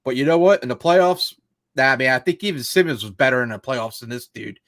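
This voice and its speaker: A man's voice: medium pitch, a little fast, a bit bright, no room sound, clean studio sound. A man co-hosting a casual sports podcast, ranting in a frustrated, profane, rambling way. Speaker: podcast co-host.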